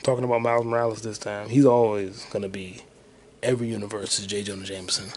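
A man with a lowish voice talks quickly with little pitch variation, his tone slightly mellow over a faint hiss or hum. He hosts his own podcast solo, rambling with plenty of swearing as he searches online and thinks out loud.

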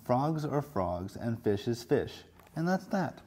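A man's voice: mid-range voice, sing-song, slow pace, mellow, a little hiss or hum. A man voicing a proud young male frog who brags about the world, read aloud from a storybook. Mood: triumphant.

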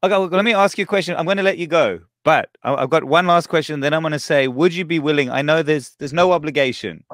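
A man's voice: a little high, quick pace, hardly any pauses, fairly bright tone, no room sound, clean studio sound. A man hosting a podcast, eager and effusive in a casual interview chat. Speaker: podcast host.

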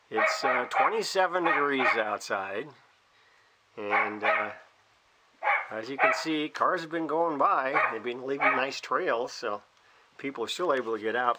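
A man casually narrating a home video outdoors in his snowy yard, rambling on and chatting to his dog. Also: very noisy. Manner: rambling, chatty, talks to his dog in a high sing-song voice. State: cold, fingers freezing. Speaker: vlogger.

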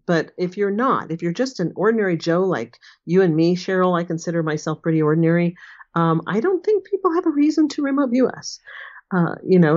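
Chatty woman in her sixties, lo-fi. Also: on the low side. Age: 60s. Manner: chatty, laughs often, acts out quotes. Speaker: guest, remote viewing teacher. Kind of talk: casual interview chat. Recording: dull lo-fi audio.

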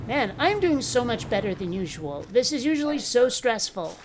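A woman's voice: a little high, big pitch swings, moderate pace, very noisy. A woman giving casual let's play commentary, bantering sassily with the characters on screen. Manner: playful, sassy banter with game characters.

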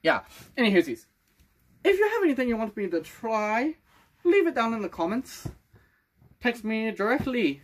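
A man's voice: extremely high pitch, sing-song, normal speed, long pauses. A sixteen-year-old boy vlogging casually to camera, rambling and playful in a loose made-up accent. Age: teens. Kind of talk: casual vlog talk to camera.

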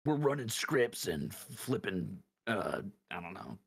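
A young woman chatting casually on a stream, playful and prone to loud joking outbursts. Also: extremely low pitch, sing-song, slow pace, gravelly, husky. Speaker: streamer guest.

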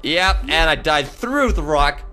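A man's voice: fairly high pitch, animated, a little slow, sharp tone, a little hiss or hum. A man doing comedic gameplay commentary as a YouTuber, joking around with frequent voice cracks. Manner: jokey, prone to voice cracks. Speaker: gaming YouTuber.

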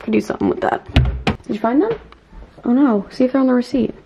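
A young woman vlogging casually at home, reacting with giggles and quick, animated exclamations. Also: on the high side, vocal fry, dull audio. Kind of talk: casual chat. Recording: faint background noise.

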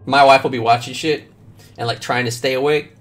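A man's voice: mid-range voice, a little fast. A man streaming a video game, chatting casually and telling joking, profane stories while he plays. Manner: joking, profane, animated storytelling. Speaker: gaming streamer. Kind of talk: casual gameplay commentary. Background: faint game music.

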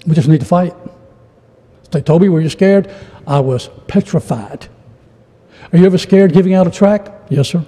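Preaching in a church sanctuary, a middle-aged traveling evangelist weaves stories into a folksy, humorous sermon, often stammering and restarting. His voice is high and mellow, moving at a moderate pace with frequent pauses, and the church hall adds reverb.

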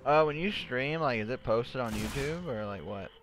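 A man's voice: medium pitch, lively intonation, normal speed, poor audio. A young man playing a video game while he streams, swearing and mocking his own play in casual profane chat. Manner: frustrated, swearing, self-mocking. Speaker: gamer streaming himself. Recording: game music behind. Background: game music.

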